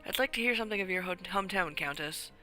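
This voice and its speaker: Courteous probing inspector for a mystery game, read by a streamer, formal phrasing, bright tone. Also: mid-range voice, fast, soft background music, close to an everyday voice. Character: polite, probing detective inspector.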